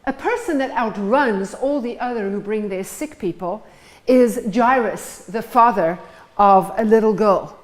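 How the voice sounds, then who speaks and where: In a church sermon, a woman tells stories and acts out each scene. She speaks a little slowly in a mid-range voice, and the recording is rough.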